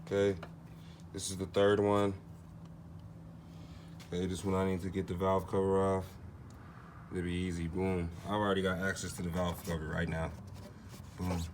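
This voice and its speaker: A man's voice: low voice, noisy background. A man casually narrating a car repair in a loose, slangy way, thinking aloud as he works. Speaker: DIY car repair vlogger.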